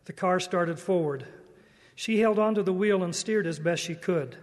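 A man giving a devotional church talk in a slow, earnest, measured way. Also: sits high, big-room sound. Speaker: church speaker.

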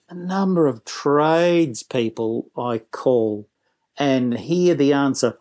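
A man's voice: medium pitch, animated, a little slow, darkish tone. An enthusiastic man, a business trainer telling jokey stories as an interview guest. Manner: enthusiastic, jokey, puts on voices.

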